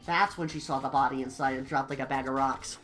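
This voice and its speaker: A woman plays a composed girl detective who speaks in a lowered, cool and even tone. She reasons things out steadily and measuredly over faint background music. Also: fairly quick. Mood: calm. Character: calm, composed young female detective. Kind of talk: fan voice-acting while playing a game.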